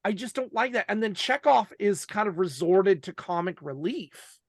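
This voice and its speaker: A man co-hosting a podcast, passionate and animated, often stumbling over his words in casual chat. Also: high-pitched, moderate pace, no echo, clean studio sound. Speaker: podcast co-host.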